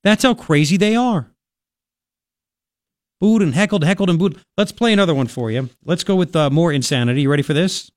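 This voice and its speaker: A man's voice: a little high, fairly quick, dry recording. Sarcastic talk radio man, dry studio sound. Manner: animated, rambling, sarcastic. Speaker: radio talk show host. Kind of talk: opinionated political talk radio commentary.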